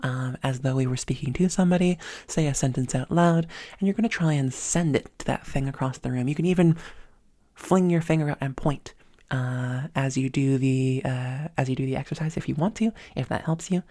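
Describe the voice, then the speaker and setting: A woman's voice: rumbling low, fairly quick, dark tone, dry recording. A woman voice coach talking at a desk microphone, explaining exercises step by step in an upbeat way. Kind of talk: spoken voice lesson.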